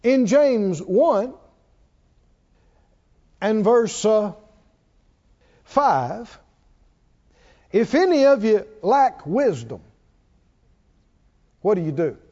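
This preacher's voice sits high and sounds dark, yet he is very animated, speaking extremely slowly with long pauses. Captured in a dull lo-fi church recording, he keeps questioning his congregation, call-and-response style.

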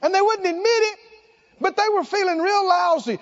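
A man's voice: very high-pitched, sing-song, moderate pace, dull audio. A man preaching a sermon, emphatic and exclaiming, repeating short phrases for effect.

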